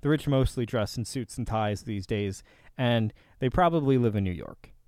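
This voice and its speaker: A man ranting in a sarcastic, combative reaction commentary, swinging from loud outbursts to low mutters. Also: normal speed, no room sound, clean studio sound. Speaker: reaction video host.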